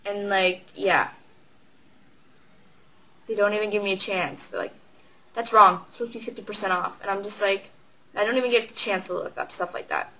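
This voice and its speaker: Young cashier girl venting about work, bright voice, rambly, keeps doing little quoted voices. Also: medium pitch, steady tone, slight background noise, low-quality recording. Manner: chatty, rambling, acts out customers in quick quoted voices. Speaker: retail cashier. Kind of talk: casual vlog storytelling.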